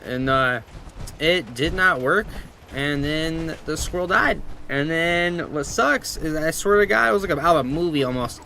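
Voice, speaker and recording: Bright-voiced, swearing streamer guy. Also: a little high, expressive, a little slow, vocal fry, a little hiss or hum. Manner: swears freely, rambling storytelling, reads chat aloud. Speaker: game streamer. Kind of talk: casual live-stream chat.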